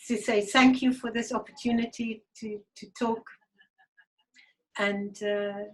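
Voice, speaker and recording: A woman giving a halting, reflective personal spiritual testimony, audibly emotional. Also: medium pitch, poor audio. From Germany. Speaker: guest speaker.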